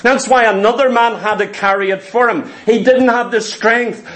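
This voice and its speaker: Man preaching, high voice, earnest, emphatic, questions to the listeners. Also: fairly even intonation, normal speed, fairly bright tone. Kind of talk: sermon.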